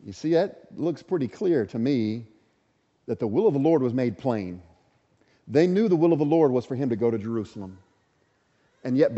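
A man preaching an earnest, emphatic sermon and asking the congregation questions. His voice is mellow and dark. The recording is dull with a long reverb. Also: mid-range voice. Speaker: pastor.

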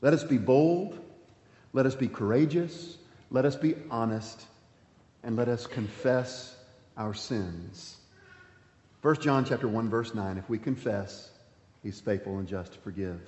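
A man's voice: mid-range voice, normal speed. Man preaching in an echoey church. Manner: preaching with wide swings from emphatic to hushed. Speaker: pastor. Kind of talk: sermon. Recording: echoey hall, dull sound.

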